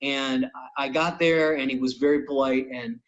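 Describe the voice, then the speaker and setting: Animated male comic telling stories. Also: medium pitch, normal speed, highs cut off. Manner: animated storyteller, acts out quotes. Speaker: podcast host and comedian. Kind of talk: casual storytelling.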